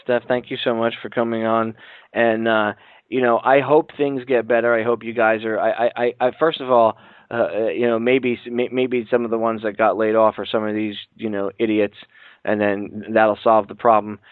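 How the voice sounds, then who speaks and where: A man hosting a podcast interview, opinionated and ranting, with halting restarts. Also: fairly low pitch, little pitch movement, clear, resonant tone, dry recording. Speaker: host. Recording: dry tinny phone-like line.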